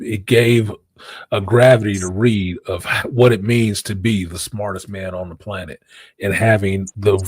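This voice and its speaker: A man hosting a casual pop-culture chat, animated and profane, with a husky voice. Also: fairly low pitch, dry recording. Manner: animated, profane, puts on voices when quoting. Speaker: podcast host.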